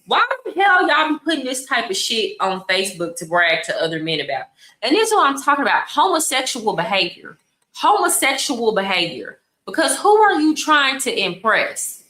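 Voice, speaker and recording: A woman's voice: on the high side, very animated, normal speed, sharp tone, reverberant, poor audio. A woman, hosting casual commentary in a blunt, exasperated way and repeating her points for emphasis. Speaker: commentary host.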